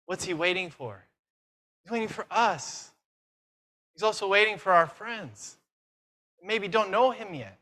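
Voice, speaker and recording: A man preaching a conference sermon, lively and self-mocking, firing questions at the audience. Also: high-pitched, a little slow, pauses often. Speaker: conference speaker.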